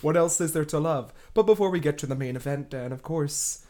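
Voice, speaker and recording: A woman's voice: low-pitched, fairly quick, warm tone. A woman co-hosting a casual podcast, playful and sarcastic, laughing often as she talks. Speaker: podcast co-host.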